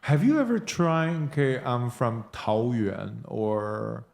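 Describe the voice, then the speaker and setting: A man's voice: mid-range voice, takes it slowly, gravelly, a little mellow, a little hiss or hum. A man hosting a casual podcast, asking prompting questions and often filling with "okay, uh". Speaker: podcast host. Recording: echoey room.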